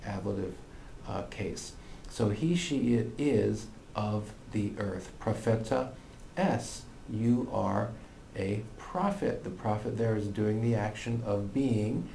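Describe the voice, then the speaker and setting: A man's voice: on the low side, gravelly, dark tone, echoey room, a little hiss or hum. A man teaching a recorded Latin lesson, explaining grammar patiently and step by step with frequent fillers.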